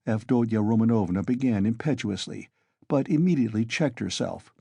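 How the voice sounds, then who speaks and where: A man narrating a classic novel as an audiobook in measured storytelling. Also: fairly low pitch, vocal fry, warm tone, husky, no echo. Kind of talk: scripted narration.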